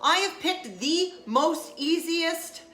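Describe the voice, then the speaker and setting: Bright, high-voiced woman chatting playfully on a live stream. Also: animated, takes it slowly, echoey room. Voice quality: playful, chatty, greets viewers by name. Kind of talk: casual live-stream chat. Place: home kitchen.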